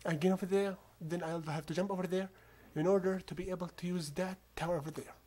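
With a non-native accent, a gamer narrates a stealth game as gameplay commentary, coaching calmly and often dropping to a whisper. He has a mid-range voice and talks fast.

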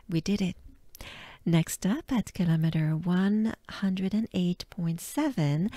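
A French woman with a French accent teaching pronunciation, drilling words slowly and often dropping to breathy whispered demonstrations. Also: lowish voice, mellow, no echo. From France. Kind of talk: slow pronunciation lesson.

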